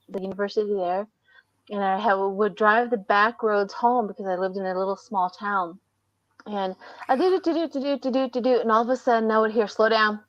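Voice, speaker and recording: An older American woman hosting a casual live stream, telling lively stories and acting out the voices she heard. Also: medium pitch, no echo, muffled recording. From United States. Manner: animated storyteller, acts out voices. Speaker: tarot reader host.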